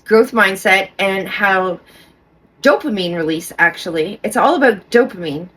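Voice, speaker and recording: A woman's voice: mid-range voice, a little slow, fairly bright tone, breathy edge. A middle-aged woman talking casually to camera as a vlogger, rambling with restarts and often checking in with "okay?".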